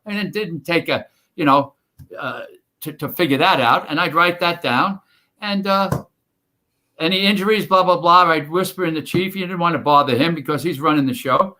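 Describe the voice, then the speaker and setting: Older new guy rambling through old stories, bright sharp voice, lots of uh's. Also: a little high, normal speed. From New York. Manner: rambling, folksy, many fillers and restarts. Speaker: guest, retired firefighter. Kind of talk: casual storytelling interview.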